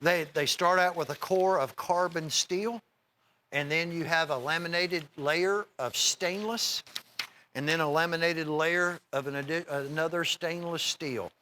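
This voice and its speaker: A middle-aged man hosting a TV shopping show, giving a folksy, rambling sales pitch straight to viewers. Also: measured pace, bright, forceful tone, a little hiss or hum. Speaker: TV shopping host.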